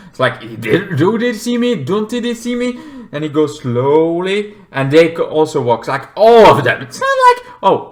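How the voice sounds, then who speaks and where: A man's voice: medium pitch, a bit bright. A man casually reviewing a horror movie, rambling with many fillers and swearing as he retells scenes animatedly.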